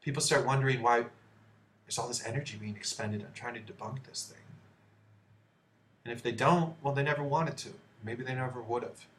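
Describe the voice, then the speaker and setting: A man's voice: mid-range voice, fairly even intonation, fairly quick, a bit bright, a little hiss or hum. A man rants through news stories in a blunt, profane, heated way, swearing freely as he comments. His voice sits in the middle of the male range. The room around him rings with a noticeable echo. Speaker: video host. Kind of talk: ranting commentary on news articles. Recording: echoey room.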